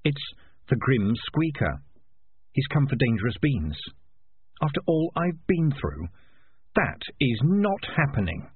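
Storybook tomcat, battered and stubborn, dry and musing, husky, read by a man, thin phone-line sound. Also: mid-range voice, very animated, slow pace, pauses often, no room sound, heavily acted. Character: battered male cat, wry and stubborn.

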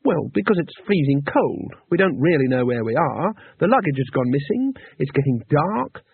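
A man's voice: a little high, sing-song, moderate pace, creaky, slightly rough, no room sound, exaggerated voice. A man voicing an eager, naive male tourist who talks earnestly and rambles with enthusiasm. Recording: tinny narrow-band recording.

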